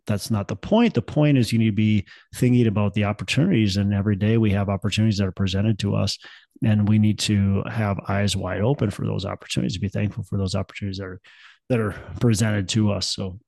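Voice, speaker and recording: A man's voice: on the low side, fairly quick, creaky, a little mellow, dry recording. A man in his thirties from Minnesota, co-hosting a podcast in casual chat, rambling and upbeat with many restarts. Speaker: podcast co-host.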